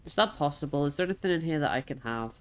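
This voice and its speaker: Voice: mid-range voice, expressive, rapid-fire. A streamer talking through a game, chatty and exasperated, swearing and laughing at it. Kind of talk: live game stream commentary.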